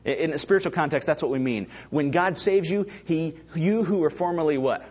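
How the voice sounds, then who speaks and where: A man preaching a sermon, emphatic and building to loud stresses, with a slightly husky voice. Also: on the high side, fairly quick, dull audio. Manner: emphatic, rising to shouts for stress.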